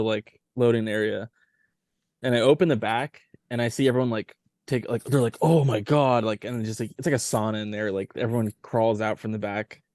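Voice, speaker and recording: A man's voice: mid-range voice, darkish tone, smooth, dry recording, clean studio sound. A man telling a touring story as a podcast guest, rambling with lots of filler words. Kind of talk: casual storytelling chat.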